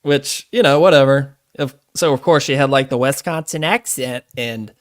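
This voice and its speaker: Recorded in a clean studio with no echo, this male podcast co-host talks at normal speed in a mid-range voice. His casual, laid-back banter includes plenty of swearing and laughter.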